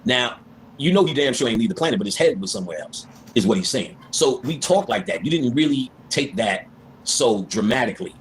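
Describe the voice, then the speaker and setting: A man's voice: medium pitch, a little fast, slight background noise. A man telling stories and talking about spiritual ideas in a casual way, acting out the voices of the people he quotes. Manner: animated, acts out voices in quotes. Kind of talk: casual storytelling and spiritual talk.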